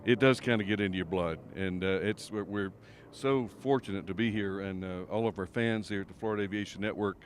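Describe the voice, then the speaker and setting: A man's voice: fairly low pitch, fairly quick, few pauses. A man hosting an aviation show, doing a casual, jokey interview outdoors at an air race, with plenty of fillers. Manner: folksy, jokey, with many fillers. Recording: faint outdoor background noise.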